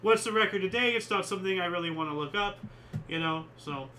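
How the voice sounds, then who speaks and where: High, bright-voiced man hosting a chat. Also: fast talker, a little hiss or hum, rough recording. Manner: rambling, opinionated, many fillers. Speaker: host. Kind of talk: casual chat reading history dates.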